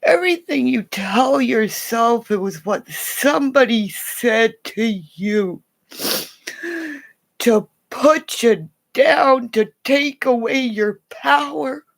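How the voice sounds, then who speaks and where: Woman livestreamer, rambling chat, swooping up and down in pitch, soft whispered asides. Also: expressive, slow, gravelly. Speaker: livestream host.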